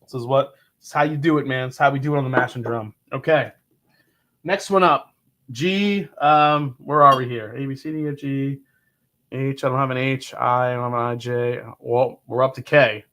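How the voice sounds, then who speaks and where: Man, middle-aged, livestream host, casual chat, enthusiastic, rambling, bright forceful tone. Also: mid-range voice, normal speed. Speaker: livestream whiskey reviewer.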